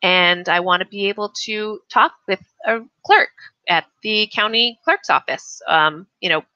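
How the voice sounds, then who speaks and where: A woman's voice: mid-range voice, animated, unhurried, sharp tone, dry recording, dull audio. A woman teaching English on a casual live stream, chatting and reading the chat aloud, often restarting her sentences.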